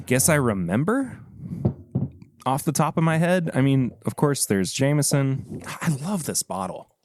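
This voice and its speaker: A man hosting a podcast, chatting in an easygoing, somewhat hesitant way. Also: medium pitch. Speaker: podcast host. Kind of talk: casual chat.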